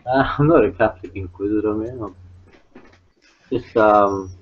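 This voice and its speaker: A man's voice: fairly low pitch, normal speed. A man in casual group chat, rambling on about religion's hold and calling others mate and man. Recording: tinny phone-like sound.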